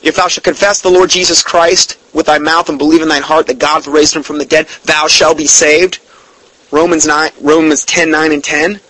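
A man's voice: a little high, little pitch movement, moderate pace, a bit bright, no echo, low-quality recording. A man giving a blunt, emphatic Bible teaching, denouncing other churches and quoting scripture at length. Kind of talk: preaching-style Bible teaching.

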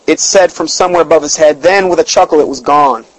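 A man's voice: on the high side, fast, no echo, rough recording. A man preaching a sermon in a chatty storytelling way, emphatic, his voice jumping up when he is stirred. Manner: conversational asides, fillers and restarts.

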